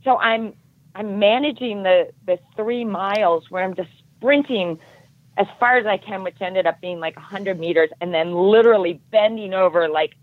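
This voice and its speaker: A middle-aged woman telling her story as a podcast guest, earnest and animated. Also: medium pitch, normal speed, narrow, tinny audio. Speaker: podcast guest, triathlon coach.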